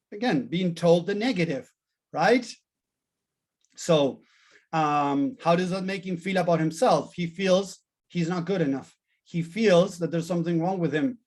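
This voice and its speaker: Earnest high-voiced man teaching therapy. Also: darkish tone. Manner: earnest, repetitive, addresses listeners as people. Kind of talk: teaching a therapy training class.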